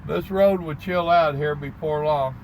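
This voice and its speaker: A man's voice: on the high side, a little hiss or hum, low-quality recording. A man, a truck driver chatting casually on a live stream and reading viewer comments in a folksy drawl. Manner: folksy, slow drawl, calls people brother. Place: parked in his truck cab at a stop.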